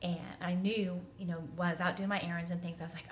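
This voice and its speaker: A woman in her forties telling a family story in a chatty, animated way, acting out the quotes. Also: fairly low pitch, fast, a little hiss or hum. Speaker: parenting vlogger. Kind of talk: casual storytelling to camera.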